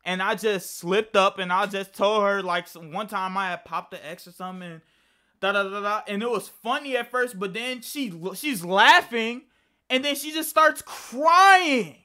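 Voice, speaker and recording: Young guy, high and bright, rambling storytime with plenty of swearing. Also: moderate pace. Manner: rambling and profane, with frequent restarts. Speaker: vlogger. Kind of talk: casual storytime.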